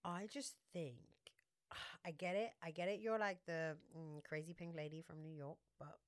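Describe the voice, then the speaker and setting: A lower-pitched woman chats about red-carpet looks, laughing often and filling gaps with "um" and "like." Her voice is close and dry, with no room sound around it. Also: steady tone, moderate pace, no room sound. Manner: chatty, giggly, describes outfits with lots of fillers. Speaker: podcast co-host. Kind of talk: casual chat about red-carpet fashion.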